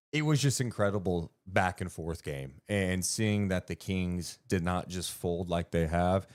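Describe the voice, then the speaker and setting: A man co-hosting a basketball podcast, talking through a game in animated, casual chat. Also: sits low. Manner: animated, swings up when excited, swears casually.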